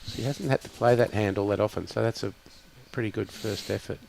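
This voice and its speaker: A man co-commentating live lawn bowls, agreeable and measured. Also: fairly low pitch, creaky, background noise. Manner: agreeable, brief affirmations and measured analysis.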